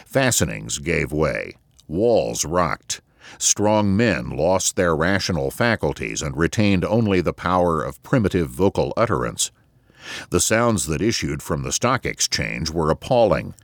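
A man narrating an audiobook in an expressive, measured storytelling manner, recorded on a close studio mic. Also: a bass voice, no echo.

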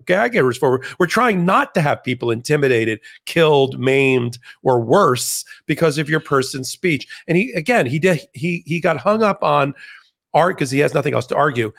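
Male legal pundit guest; animated, argumentative, quick restarts, somewhat raised pitch. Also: creaky. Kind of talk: conversational interview.

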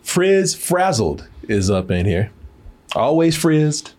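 A man's voice: on the high side, very animated, slow, a little mellow. A man in casual banter, hosting a live stream, reading the chat aloud and teasing, laughing often. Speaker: stream host.

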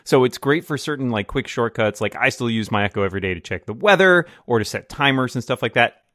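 A man co-hosts a casual tech chat with a wry, joking manner. He thinks aloud and qualifies what he says. His mid-pitched voice is recorded dry and close. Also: expressive, quick pace, fairly bright tone, no room sound. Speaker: podcast co-host.

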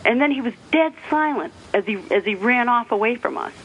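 A man's voice: very high voice, lively intonation, brisk, a bit bright, a little hiss or hum. A man from the northeastern United States calling in to a talk show, telling a personal story in a rambling way with restarts and light laughs. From New Hampshire, northeastern US. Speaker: caller. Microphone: telephone. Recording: tinny phone line.

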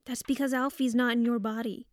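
A woman's voice: on the high side, fairly even intonation, fairly quick, dry recording, studio quality, lightly acted. A woman voicing a blunt, bossy woman. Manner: blunt, commanding. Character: bossy woman who can't do accents. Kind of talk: audio drama acting.

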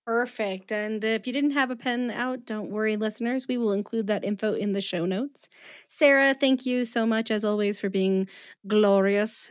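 A woman's voice: fairly high pitch, moderate pace, dry recording, studio quality. Effusive woman podcast host. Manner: effusive, warm thanks, laughs easily. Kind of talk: casual podcast hosting.

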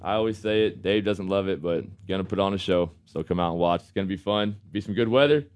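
A man's voice: low voice, fast, clean tone, no echo. A man hosting a sports radio show in a studio, chatting casually and laughing, calling people man and brother. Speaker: radio show host, football quarterback. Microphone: studio microphone.

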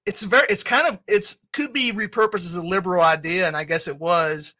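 A man's voice: sits high, a little fast, pushed and bright, no echo, studio quality. A man chatting casually as a podcast guest, hesitant and full of restarts. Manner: hesitant, many restarts, laughs often. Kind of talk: casual chat.

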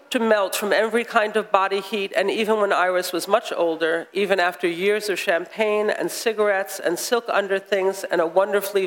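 An American author, a man, reading a passage aloud with measured, wry storytelling, then chatting onstage. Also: high voice. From United States. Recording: long hall reverb.

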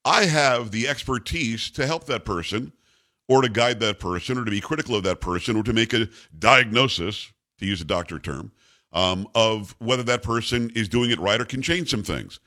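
A man's voice: fairly low pitch, normal speed, bright, forceful tone. A man hosting a talk radio show, rambling and jokey, chatting casually with his co-host. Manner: rambling, jokey, self-congratulating.

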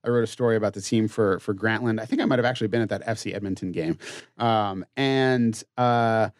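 A man hosting a podcast, chatting in a relaxed way with restarts and fillers. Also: fairly low pitch, fairly quick, dry recording, studio quality. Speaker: podcast host. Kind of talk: casual chat.

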